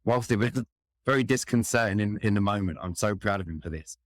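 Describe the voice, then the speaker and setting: A man's voice: lowish voice, brisk, dry recording, studio quality. A middle-aged man with a London accent, telling a personal story in an earnest, reflective way. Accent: London English. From England. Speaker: interview guest, firefighter.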